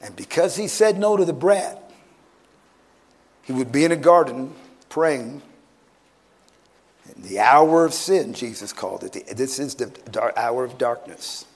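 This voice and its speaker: A man preaching a sermon at a conference, animated, swinging from loud bursts to hushed tones. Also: mid-range voice, unhurried, long pauses, breathy edge. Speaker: pastor. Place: conference hall, live audience.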